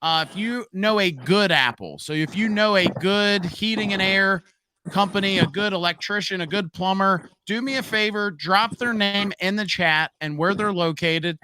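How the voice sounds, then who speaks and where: Hesitant male host with a higher, bright voice. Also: moderate pace, slight background noise. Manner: relaxed, hesitant, with fillers, speaks to the chat. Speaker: interview host. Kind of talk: live-streamed interview.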